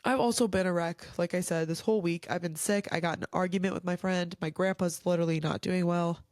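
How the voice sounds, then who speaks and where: A woman's voice: lowish voice, fairly even intonation, quick pace, darkish tone, no echo. Teary, heartfelt young woman vlogging. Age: young adult. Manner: tearful, heartfelt and rambling. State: emotional, teary. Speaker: vlog host. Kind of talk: casual Q&A vlog talk.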